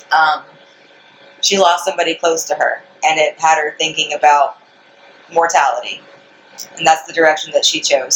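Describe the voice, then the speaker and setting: A woman being interviewed outdoors, giving short, dry answers with deadpan humor. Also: low-pitched, slight background noise, low-quality recording. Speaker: interview guest. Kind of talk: casual interview chat. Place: outdoors in front of a store.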